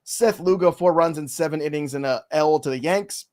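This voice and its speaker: Man, sports podcast host, playful, laughs a lot, slightly high voice. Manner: playful, laughs often, quick rundown. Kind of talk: casual sports chat.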